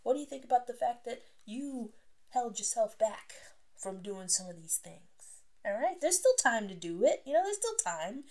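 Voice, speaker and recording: A woman's voice: fairly high pitch, very animated, normal speed, a little mellow. A young adult woman hosting a casual solo podcast, chatting freely, laughing often and sometimes dropping to a whisper. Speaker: podcast host.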